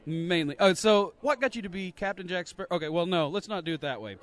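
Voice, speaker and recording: A man interviewing guests at a convention for a podcast, jokey and energetic. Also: sits high, fast talker, hardly any pauses.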